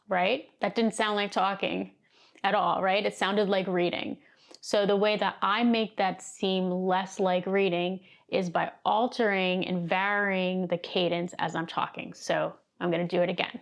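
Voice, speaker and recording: Seated indoors with her camera on herself, a woman gives casual coaching to video creators, laughing readily and gesturing throughout. She speaks at a moderate pace in a creaky, medium-pitched voice with fairly even intonation.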